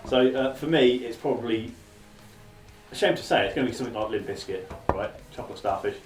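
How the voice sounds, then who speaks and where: A man in his thirties, hosting a casual chat show and telling self-mocking stories at a quick clip. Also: mid-range voice, music in the background. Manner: fast, chatty, self-mocking anecdotes. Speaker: podcast host. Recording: roomy sound from a distant mic.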